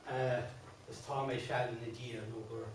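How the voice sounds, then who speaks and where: This is a singing teacher, an Irish man, leading a song workshop. In a medium-pitched voice with a level tone and moderate pace, he patiently explains verse patterns, restarting many times and breaking into song. He's off-mic on a distant room mic in a very echoey classroom, with a little hiss or hum.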